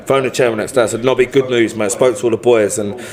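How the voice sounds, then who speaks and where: A man's voice: mid-range voice, fairly even intonation, quick pace, a crowd in the background. A man, a football manager and podcast guest, telling stories from his career in a blunt, sweary, colloquial way. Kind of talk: casual storytelling chat.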